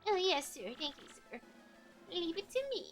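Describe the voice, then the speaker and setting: Kammy Koopa, shrill old witch, as a woman puts her on. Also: animated, normal speed, faint music behind. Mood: fawning. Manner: fawning, wheedling old crone voice. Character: cranky old witch advisor, female, fawning. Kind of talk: reading game dialogue aloud.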